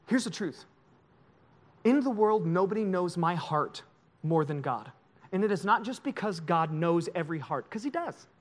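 A male pastor preaching a sermon in an emotional, confessional way, swinging from loud to hushed. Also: high voice, animated, normal speed.

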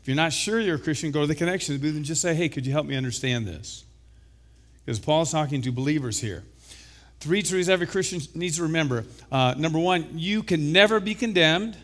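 Emphatic pastor man, slightly hoarse. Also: fairly high pitch, animated, brisk. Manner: emphatic, rising to loud exclamations. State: recovering from illness, slightly hoarse. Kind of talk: sermon.

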